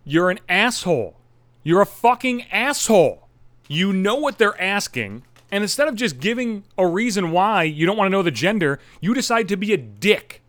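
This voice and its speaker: Profane ranting man, lively pitch. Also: normal speed, no room sound. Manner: ranting, profane, sarcastic, with mocking voices for others. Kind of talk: profane comedic rant.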